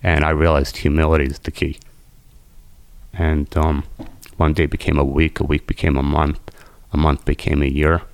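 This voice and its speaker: In a very deep, gravelly voice with little pitch movement, a man earnestly relates his own recovery at normal speed. He's intense and emotional, quoting what people told him.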